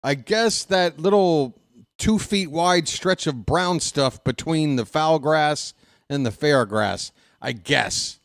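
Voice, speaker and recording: A man's voice: fairly high pitch, slow pace, dry recording. A man ranting sarcastically and with exasperation as a fan commentator, in casual live baseball talk on a close desk mic.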